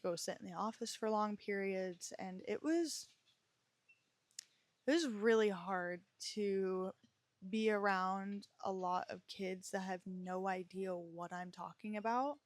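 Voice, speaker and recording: A woman's voice: medium pitch, dry recording. Candid young woman telling her story. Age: 20s. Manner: candid, emotional, rambling with many fillers and restarts. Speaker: podcast host. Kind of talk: personal storytelling monologue.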